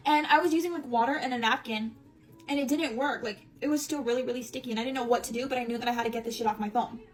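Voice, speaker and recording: A woman's voice: a little high, steady tone, racing, soft background music. A young woman telling a casual storytime, rambling with lots of fillers and casual swearing. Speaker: storytime creator.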